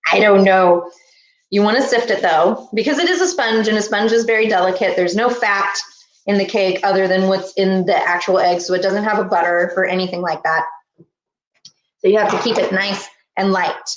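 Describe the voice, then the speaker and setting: A woman's voice: medium pitch, normal speed, dull audio. A woman hosting a live baking stream from her kitchen, chatting and explaining each step with jokes. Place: home kitchen. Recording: echoey kitchen room.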